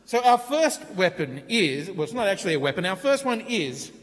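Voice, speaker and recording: A man's voice: high-pitched, sing-song, normal speed. Jokey Australian man on a panel stage. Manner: jokey, laughing often, does broad Aussie slang bits. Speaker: convention panel host. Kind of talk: comedic live panel banter. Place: convention hall stage. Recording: live hall with long reverb.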